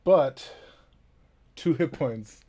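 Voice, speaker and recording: A man's voice: medium pitch, very slow, a little mellow. A man playing a tabletop game who talks casually, rambling, swearing and laughing between restarts. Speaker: player.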